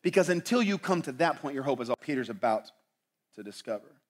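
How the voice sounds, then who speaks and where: A man preaching a sermon as pastor, swinging from loud, dramatic lines to hushed ones and asking his listeners rhetorical questions. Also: mid-range voice, animated, a little fast. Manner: asks the audience rhetorical questions.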